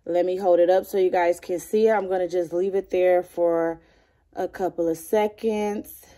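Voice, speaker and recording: A woman's voice: fairly low pitch, fairly even intonation, moderate pace, mellow. A woman vlogger chatting casually as she shows off items in a show-and-tell video, gushing and calling viewers "girl". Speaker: beauty and lifestyle vlogger.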